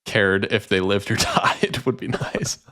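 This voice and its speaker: A man's voice: lowish voice, fairly even intonation, unhurried, pushed and bright. Teasing, laughing male dungeon master. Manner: laughs often, teasing players. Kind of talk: casual tabletop game wrap-up chat.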